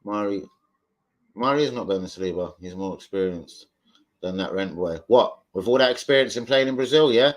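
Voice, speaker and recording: A man's voice: on the low side, fairly quick. A man hosting a live stream, debating football bluntly, swearing freely and arguing with his chat.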